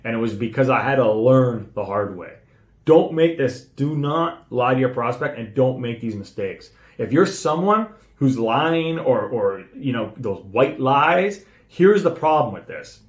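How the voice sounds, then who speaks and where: A young man, telling a personal story as a sales trainer, emphatic and swearing freely, dropping to a hush and then getting excited. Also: medium pitch, a little slow, reverberant. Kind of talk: motivational storytelling to camera.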